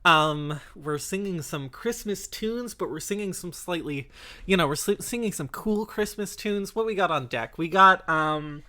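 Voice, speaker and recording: A woman chatting casually as a stream co-commentator, animated and jokey, swearing freely. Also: lowish voice, unhurried. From grew up in a Spanish-speaking household. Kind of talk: casual chat. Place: lives in Toronto.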